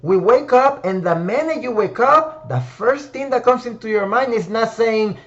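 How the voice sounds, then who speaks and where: A man's voice: very high voice, animated, moderate pace, few pauses, fairly bright tone, muffled recording. A man hosting a motivational discussion room, reflective and emphatic, speaking to listeners by name. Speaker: host of a word-of-the-week discussion room. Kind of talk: motivational talk.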